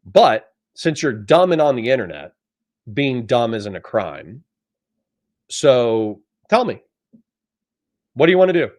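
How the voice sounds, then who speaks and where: A man's voice: mid-range voice, sing-song, slow, long pauses, darkish tone. A man hosting a livestream, reading out chat messages and answering them in a blunt, profane, conversational way. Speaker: livestream host.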